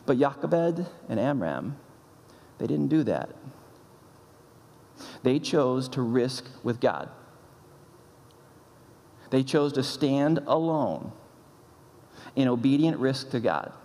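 A man preaching a sermon, emphatic and measured, repeating his key phrases for weight. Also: mid-range voice, very animated, a little mellow, in a large hall. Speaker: pastor.

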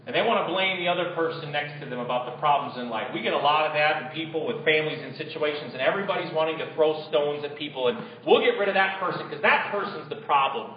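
A man's voice: a little high, fast, hardly any pauses. A male pastor preaching a sermon to his congregation, putting rhetorical questions to them. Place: church. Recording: echoey, dull lo-fi church recording.

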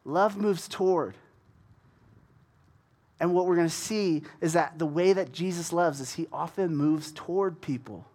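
A man giving a casual Bible teaching, animated as he retells the scripture in everyday words. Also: on the high side, unhurried.

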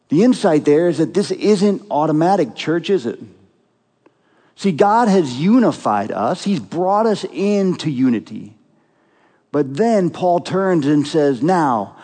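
A man delivers a sermon as pastor, his voice sitting a little high for a man. He speaks earnestly and emphatically, pressing his points with rhetorical questions. His words ring out with a long reverb, as in a large hall. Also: expressive, normal speed, dark tone.

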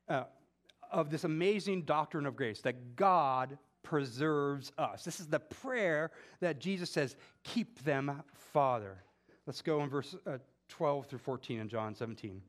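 A man preaching with a somewhat high, very lively voice that swings widely in pitch. He talks to the congregation like a conversation, asking them questions, then climbs to emphatic peaks to drive a point home. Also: measured pace. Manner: animated, rising to emphatic peaks when stressing a point. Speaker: pastor. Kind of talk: sermon.

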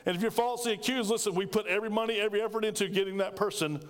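High-voiced pastor preaching. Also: male voice, rapid-fire, long reverb tail. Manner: emphatic, conversational preaching with call-and-response to the congregation. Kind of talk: sermon. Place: church sanctuary.

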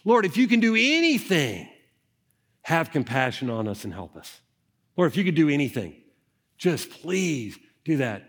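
A man's voice: on the high side, very animated, moderate pace, fairly bright tone. A man doing a desperate, pleading father. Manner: begging, urgent.

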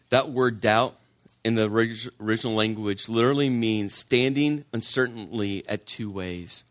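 A man's voice: on the low side, moderate pace. A man preaching a sermon, telling a personal story in a conversational way and repeating phrases for emphasis.

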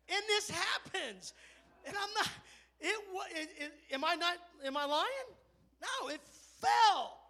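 A man pastor preaching a sermon, telling a story and building to fervent near-shouting. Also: very high voice.

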